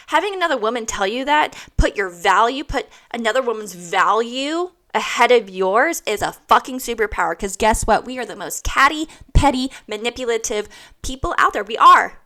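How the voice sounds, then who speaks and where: A woman in her thirties delivers a motivational monologue in a bright, forward voice. She is blunt and swears freely, driving each point home by repeating it. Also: on the high side, expressive, moderate pace. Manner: blunt, heavy swearing, emphatic repetition. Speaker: host.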